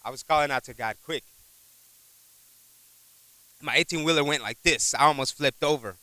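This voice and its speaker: A man preaching a sermon in a conversational, animated way, telling a personal story, repeating words and asking the congregation for an amen. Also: a little high, normal speed, no room sound, low-quality recording. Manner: animated, acts out voices in his stories.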